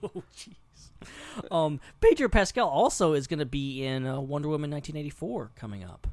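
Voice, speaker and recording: A man co-hosting a podcast reacts to movie talk with a lively, swooping voice. He speaks in an expressive, chatty way that often breaks into laughter. The sound is dry and close to the mic. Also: on the high side, quick pace, dry recording. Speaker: podcast co-host. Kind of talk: casual movie chat.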